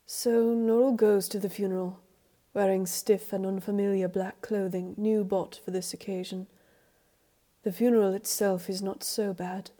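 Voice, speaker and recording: A woman reading a story aloud, in a measured, even storybook narration. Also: medium pitch. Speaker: reader.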